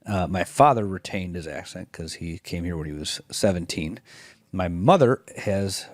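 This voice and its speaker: Podcast host, man, 40s, Chicago-Illinois accent, very low voice, dry close sound, relaxed. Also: normal speed, no echo. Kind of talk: casual chat.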